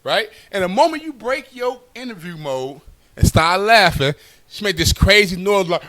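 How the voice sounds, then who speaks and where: A man's voice: high voice, animated, moderate pace, a bit bright, no echo. A young man telling stand-up stories in a loose, conversational way, tagging lines with "right?". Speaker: stand-up comedian. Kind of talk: stand-up storytelling.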